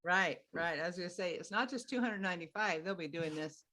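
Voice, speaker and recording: A middle-aged woman giving parenting advice in casual conversation, animated and acting out what parents and kids say. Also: lowish voice, fairly quick. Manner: animated, acts out parent and child lines in a sing-song voice. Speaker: parenting expert guest.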